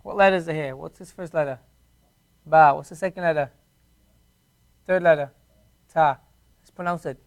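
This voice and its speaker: High-voiced man teaching a class. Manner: patient, repeats words slowly for students. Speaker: Arabic teacher. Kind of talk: classroom language lesson.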